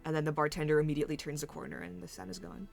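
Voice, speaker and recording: A woman narrating a tabletop role-playing game as game master, halting and searching for her words as she describes scenes. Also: low-pitched, steady tone, gravelly, a little mellow, soft background music.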